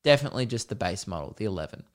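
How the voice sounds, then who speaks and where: A man voicing a polite young female phone store clerk who answers quietly and carefully without committing to anything. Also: fairly low pitch, lively intonation, very fast, pitched below the performer's own voice, lightly acted. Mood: cautious.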